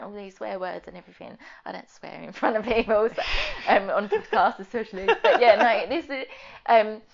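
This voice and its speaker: Gravelly woman telling a story. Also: mid-range voice, lively intonation, fairly quick, dull audio. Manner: frank, rambling, with frequent fillers. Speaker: podcast guest. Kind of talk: candid conversational storytelling.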